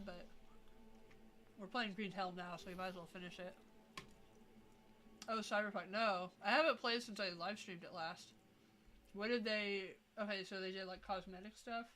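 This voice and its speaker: A woman game streamer chatting casually on a live stream, excitable and thinking out loud. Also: medium pitch, slight background noise.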